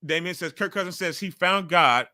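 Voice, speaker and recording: A man in his forties hosting a livestream, giving loud, profane, excitable commentary at home while watching wrestling. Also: high-pitched, moderate pace, dry recording, clean studio sound. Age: 40s. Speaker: livestream host.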